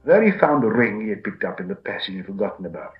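Expressive male storybook narrator. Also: lowish voice, quick pace, dull audio, faint music behind. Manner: expressive, with many character voices. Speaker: audiobook narrator.

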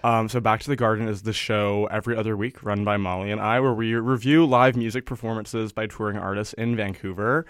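A man's voice: fairly low pitch, steady tone, brisk, hardly any pauses, clean tone, no room sound, studio quality. A man co-hosting a campus radio show, friendly and upbeat. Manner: friendly, upbeat, easy laughs. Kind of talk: casual radio chat.

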